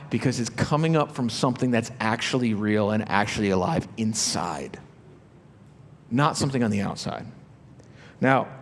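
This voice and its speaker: A pastor preaches a sermon in a church auditorium, his medium-pitched voice carrying a big-room sound. He talks conversationally, asking rhetorical questions and voicing what his listeners might be thinking.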